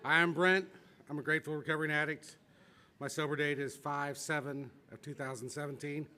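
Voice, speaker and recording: Earnest man, halting campaign speech at a podium, slight hiss. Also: a little high, level tone, pushed and bright. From Missouri, USA. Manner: earnest, halting with repeated restarts. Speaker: campaign speaker. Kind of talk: short campaign speech at a convention. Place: large convention hall.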